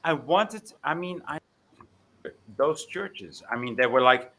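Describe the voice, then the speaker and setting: A man raised in South Africa, talking loosely and animatedly in a casual chat, getting louder as he goes. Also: on the high side, expressive, takes it slowly, background noise. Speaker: co-host.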